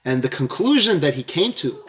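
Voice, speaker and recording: A man giving a storytelling lecture on a religious theme, halting often and repeating words as he goes. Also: on the high side, big pitch swings.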